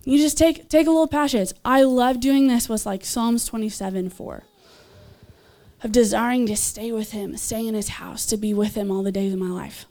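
A young woman giving a casual, enthusiastic sermon, chatting with laughs and fillers and jumping up in pitch when she voices others. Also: moderate pace. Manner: animated, leaps in pitch when voicing others. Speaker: speaker at a church gathering.

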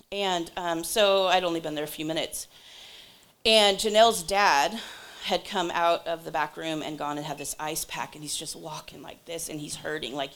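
A woman with a slightly low voice speaks before a church congregation. She tells her story in an animated, breathless rush full of quick asides. Then she slows into spoken prayer. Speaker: church member giving a testimony and leading prayer.

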